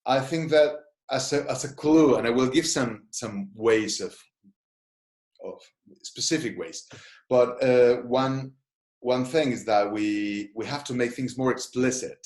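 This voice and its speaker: A gestalt therapist teaches an online webinar seminar, explaining ideas thoughtfully and inviting listeners to try short exercises. His mid-range voice is unhurried and a little mellow, and the recording has a roomy echo.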